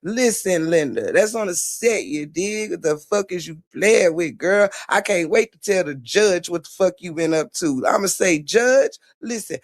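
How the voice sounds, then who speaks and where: A man hosting a livestream, ranting loudly and profanely, taunting someone and repeating "you heard me". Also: sits high, animated, normal speed, hardly any pauses, no echo, studio quality. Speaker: livestream host.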